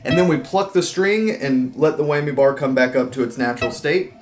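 A man's voice: a little high, brisk. Man giving a rambling guitar lesson. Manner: rambling, relaxed, many fillers and restarts. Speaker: guitar teacher. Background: loud electric guitar playing.

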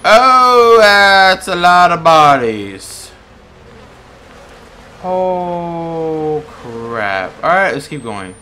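A man giving casual let's-play commentary on a horror game, jumpy and swearing, shouting when chased and stumbling when he reads aloud. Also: on the high side, big pitch swings, drawn-out words, slight background noise. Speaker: gamer playing a horror game.

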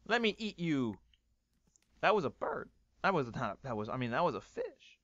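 A man doing excitable, swearing let's play commentary, ranting and often breaking into yells. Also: a little high, normal speed, no room sound, highs cut off. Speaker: gaming YouTuber.

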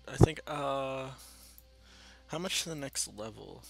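A gaming channel host with a gravelly, mid-range voice takes his time as he rambles through casual let's-play commentary. He swears freely and talks to himself while he plays.

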